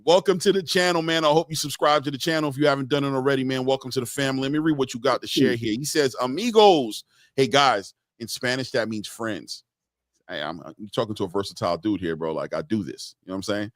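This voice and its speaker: A man hosting a casual boxing live stream, reading out viewer comments and giving shout-outs in a loose, chatty way. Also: medium pitch, fast talker, dry recording, studio quality. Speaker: boxing show host.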